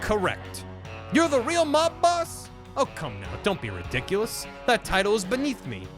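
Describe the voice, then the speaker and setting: A man voicing a pompous, scheming male fish mayor in a video game, speaking low and slow with grand self-importance. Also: huge pitch swings, over music. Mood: grandiose.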